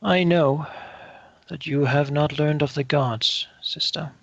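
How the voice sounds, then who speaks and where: A man's voice: fairly high pitch, fairly even intonation, slow pace, creaky, no echo, dull audio, exaggerated voice. A man voicing a stern, formal noble lord in a tabletop game. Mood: grave.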